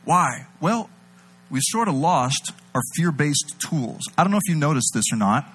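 A man preaching a sermon, animated, swinging between loud emphatic bursts and low intimate delivery. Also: moderate pace, husky, low-quality recording.

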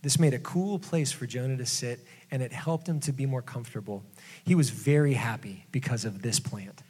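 A male pastor giving a casual sermon, conversational and jokey with quick asides. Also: medium pitch, a little mellow, breathy edge. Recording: long hall reverb.

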